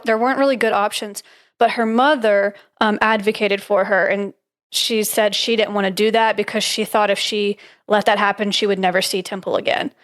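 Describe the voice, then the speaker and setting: A woman co-hosts a podcast at a medium pitch. She tells a story in a casual, giggly way, with plenty of "like" and "um" filling her sentences. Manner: chatty and giggly, with frequent "like" and "um". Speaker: podcast co-host.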